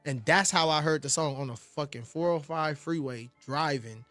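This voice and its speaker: A man, a music producer, telling casual, profane stories in a fast, animated way. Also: fairly high pitch. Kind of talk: casual storytelling in interviews.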